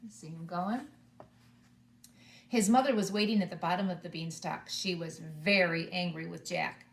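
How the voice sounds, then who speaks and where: A woman preschool teacher reading a storybook to children, animated and inviting them to join in. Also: on the low side, moderate pace, gravelly, reverberant. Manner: animated, asks the children along.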